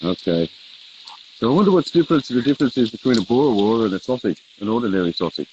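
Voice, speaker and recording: A man's voice: mid-range voice, lively intonation, fast talker, a little mellow, highs cut off, slight background noise. A man co-hosting a live barbecue show, chatting casually and laughing easily while he grills. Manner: easygoing, laughs often, says "mate".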